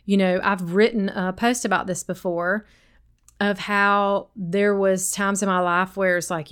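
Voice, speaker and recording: A middle-aged woman hosting a self-help talk, with a noticeable accent and a smooth, resonant voice at a mid pitch. She speaks straight to her listeners in a chatty, conversational way. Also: fairly even intonation, measured pace, fairly bright tone.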